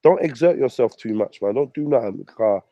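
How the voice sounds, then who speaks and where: A man's voice: medium pitch, lively intonation, fairly quick, warm tone, no echo, dull audio. A man ranting on his channel, mocking and swearing at a rival. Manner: profane, mocking, combative. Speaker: vlogger. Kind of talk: ranting commentary.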